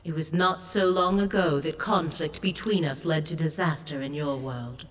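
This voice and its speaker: A grave, ancient sea goddess, played by a woman, speaks in a solemn, commanding way from a video game. Her voice sits very low and heavy. Each word is slow and measured. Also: natural voice. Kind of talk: game voice acting.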